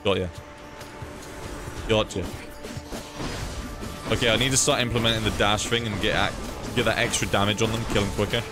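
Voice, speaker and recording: Laid-back streamer, lowish voice. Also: male voice, normal speed, pauses often, over loud music. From United Kingdom. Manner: relaxed, swears freely, reads chat aloud. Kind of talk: casual live gameplay commentary.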